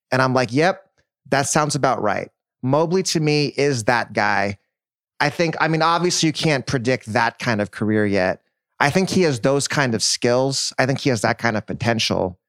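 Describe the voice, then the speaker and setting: A man's voice: mid-range voice, fairly bright tone, no room sound. Enthusiastic man on a dry podcast mic. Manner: enthusiastic, builds points with stats and comparisons. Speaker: podcast co-host. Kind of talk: casual basketball chat.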